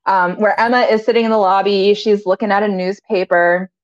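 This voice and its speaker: A woman's voice: mid-range voice, steady tone, a little fast. A woman co-hosting a podcast, recapping a TV episode in casual chat. She giggles often and quotes the characters in voices. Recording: slightly dull lo-fi sound.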